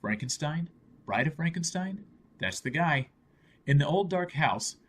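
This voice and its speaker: A man's voice: medium pitch, a bit bright, slight background noise. A man narrating a scripted film review in an earnest, explanatory way.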